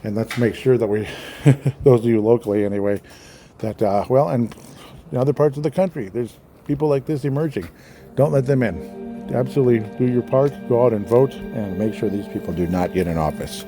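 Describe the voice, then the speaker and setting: A man's voice: mid-range voice, a little fast, music in the background. A man hosting his own political podcast, talking loosely and rambling, with many fillers and small apologies. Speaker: podcast host. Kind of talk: casual political podcast monologue.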